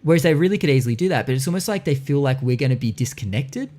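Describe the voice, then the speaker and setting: Young male host, casual podcast chat, very lively pitch, lots of swearing. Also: very fast. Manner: swears often, animated, slips into mocking quoted voices.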